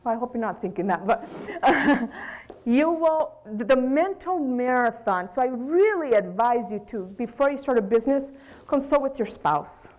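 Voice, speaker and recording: A woman with a Brazilian accent, a business owner giving a candid, animated lecture to students. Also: on the high side, normal speed. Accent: Brazilian Portuguese. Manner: animated, candid storytelling with acted quotes.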